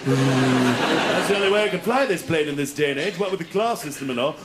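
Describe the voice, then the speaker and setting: A man's voice: a little high, lively intonation, fairly quick, pitched below the performer's own voice, lightly acted. A man voicing a posh upper-middle-class WWII bomber pilot who speaks in clipped radio chatter, recorded in a noisy studio. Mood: pompous.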